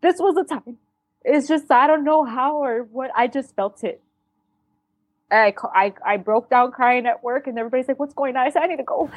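A woman speaking as a podcast guest, telling a painful family story in a candid, blunt way, with halting restarts and some swearing. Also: high voice, no room sound. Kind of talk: emotional personal storytelling.

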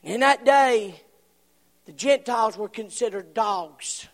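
A man preaching a sermon, impassioned, swinging from shouts to hushed whispers. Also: high-pitched, measured pace, in a large hall.

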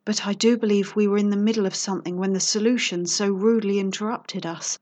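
A woman's voice: mid-range voice, fairly even intonation, fast, a little mellow, lightly acted. A woman voicing a bold female private investigator with a smug, teasing and sultry manner.

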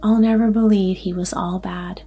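A kindly, talkative old grandmother speaks with gentle earnestness, voiced by a woman reading a story. Her tone is mellow and warm, at an even middle pitch. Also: moderate pace, husky, faint music behind, natural voice. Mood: tender.

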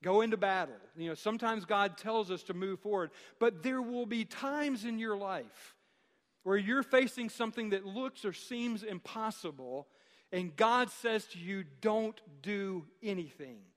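Male pastor, high voice, emphatic sermon delivery in a reverberant church. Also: fairly bright tone. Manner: emphatic, repeats phrases, slows for key lines. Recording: long hall reverb.

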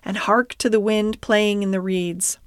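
A woman's voice: mid-range voice, steady tone, unhurried, clear, resonant tone, dry recording, studio quality, close to an everyday voice. Rat, a woman doing a dreamy, murmuring water rat. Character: dreamy male water rat, poetic and languid. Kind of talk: storybook character voice.

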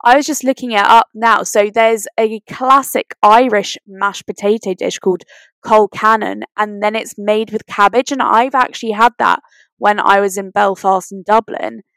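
A woman's voice: mid-range voice, steady tone, normal speed, fairly bright tone, dry recording. A woman co-hosting a podcast, chatting casually and enthusiastically with lots of "you know". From Britain. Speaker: podcast co-host. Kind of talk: casual chat.

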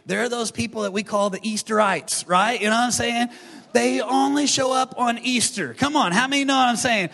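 A middle-aged male pastor preaching a sermon, animated, with playful asides to the congregation. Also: very high-pitched, fairly quick, gravelly. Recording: long hall reverb, faint music behind.

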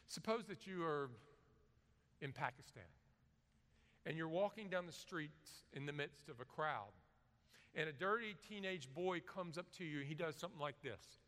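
Bright-voiced man preaching in a reverberant hall. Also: on the high side, expressive, moderate pace. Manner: dramatic scripture reading, rising to loud emphasis and dropping to hushed asides. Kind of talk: sermon.

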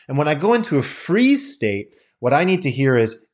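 Male podcast host, lively pitch, candid conversational delivery with casual swearing. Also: a little fast, hardly any pauses. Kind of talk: casual explanatory monologue.

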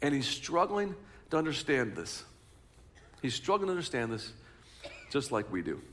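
A man's voice: medium pitch, normal speed. A man preaching a sermon, telling stories and asking the congregation to nod along. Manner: animated storytelling, talks to the congregation. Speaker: pastor.

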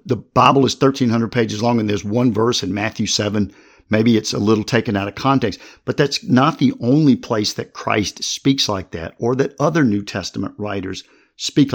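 A man hosting a podcast who explains Bible verses step by step, citing chapter and verse as he reads them aloud. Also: fairly low pitch. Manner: reads scripture aloud with references. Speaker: podcast host, Bible teacher.

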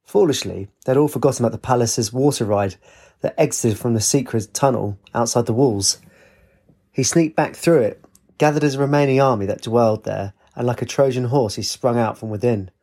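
Man, husky voice, storybook narration, steady and expressive. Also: mid-range voice, moderate pace.

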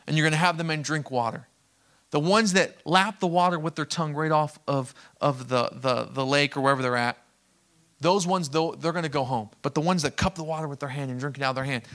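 A man delivering a sermon with a high-pitched, bright voice. He tells the story dramatically, acting out the characters, jumping to loud outbursts and then dropping back to quiet asides. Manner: animated storytelling, acting out voices with big swings in volume. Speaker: pastor.

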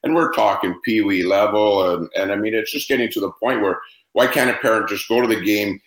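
A man's voice: lowish voice, fairly even intonation, a little fast, a bit bright, echoey room, low-quality recording. A man who coaches hockey, answering interview questions with passionate, emphatic opinions.

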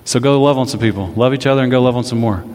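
A man's voice: medium pitch, racing, darkish tone. Pastor guy preaching casually, tells stories w/ fun voices, long echo in a big church. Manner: conversational preaching with playful storytelling voices. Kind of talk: sermon. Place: church sanctuary. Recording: long reverb of a large hall.

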